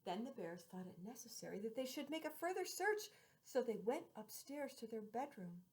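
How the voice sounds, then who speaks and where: In this low-quality clip, a woman with a slightly high, very animated voice tells a fairy tale as a storyteller. Repeated lines are drawn out, while some words sink into hushed whispers.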